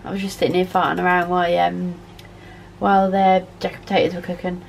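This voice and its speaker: A woman's voice: fairly low pitch, level tone, fast talker, gravelly, slight background noise. A woman, chatting casually to camera while doing chores around her family home. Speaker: vlogger, mother of four. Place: family house, indoors.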